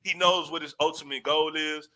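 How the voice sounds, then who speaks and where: A man's voice: on the high side, moderate pace, rough recording. A man co-hosting a casual sports chat, telling stories and acting out quotes. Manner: animated storyteller, acts out quotes, laughs often. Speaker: podcast co-host.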